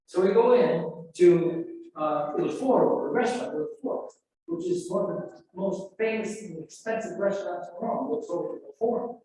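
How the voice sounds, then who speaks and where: An older man telling an animated anecdote at an alumni event, acting out the people he quotes. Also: high voice, moderate pace. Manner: animated, acts out quoted voices and sound effects. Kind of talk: anecdotal storytelling. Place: event room. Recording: echoey room from far off, faint noise.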